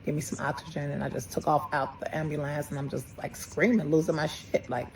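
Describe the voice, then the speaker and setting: Low mellow lady, middle-aged, halting storytelling, little bit of hiss. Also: level tone, low-quality recording. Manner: plain, halting retelling with quoted dialogue. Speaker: grieving mother. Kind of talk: personal storytelling.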